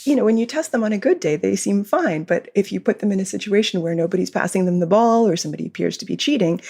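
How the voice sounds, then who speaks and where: A woman with a gravelly, husky edge to her voice talks through ideas as a podcast guest. She explains patiently and breaks into small giggles now and then. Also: medium pitch, expressive, quick pace, a little mellow. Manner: explanatory, giggles often while talking. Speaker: behavior consultant and author, guest. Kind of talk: podcast interview.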